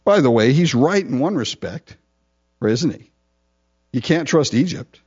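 Male pastor, mid-pitched, conversational verse-by-verse teaching, muffled lo-fi recording. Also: expressive, a little slow, darkish tone, husky. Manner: conversational, explains verses in plain asides. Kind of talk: expository sermon. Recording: dull lo-fi recording.

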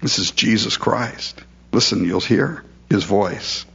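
A man's voice: on the low side, slow, gravelly, fairly bright tone, dull audio. A man preaching a verse-by-verse sermon in a conversational way, often asking rhetorical questions. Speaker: pastor. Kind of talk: expository sermon.

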